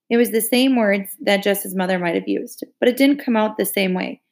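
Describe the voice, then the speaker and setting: A woman reading a novel aloud in a steady storytelling delivery. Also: mid-range voice, normal speed. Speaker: audiobook reader.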